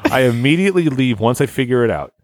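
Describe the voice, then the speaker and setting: A man's voice: mid-range voice, expressive, quick pace, no room sound. A man hosting a podcast, reading a listener's story aloud in casual chat, often breaking into laughter and stumbling over words.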